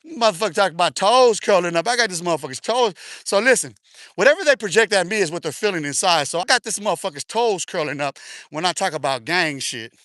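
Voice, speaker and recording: High-voiced, breathless taunting male streamer. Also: expressive, quick pace, fairly bright tone, no room sound, studio quality. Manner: taunting, slangy, laughs often. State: out of breath from walking. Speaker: livestream host. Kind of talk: casual live stream talk while walking. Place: outdoors, walking.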